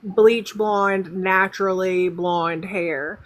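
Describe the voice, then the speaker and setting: A woman's voice: medium pitch, steady tone, very slow. A woman, co-hosting a podcast in a rambling, informal way. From Southern United States. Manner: rambling and informal, many fillers like 'like'. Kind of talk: casual chat.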